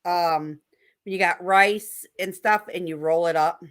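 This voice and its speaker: A woman hosts a casual live stream with a somewhat low speaking voice. She is chatty and upbeat and encourages her guests as she fires off easy questions. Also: measured pace.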